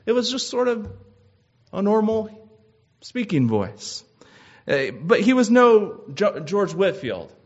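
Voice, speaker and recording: A man preaching a sermon in a measured, earnest way, with frequent "uh" restarts. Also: high voice, sing-song. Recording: slightly dull lo-fi sound.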